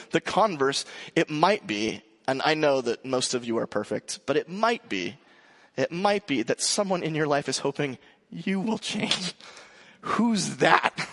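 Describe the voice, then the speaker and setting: A male pastor in his thirties giving a sermon, joking and telling a lively family story. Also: fairly high pitch.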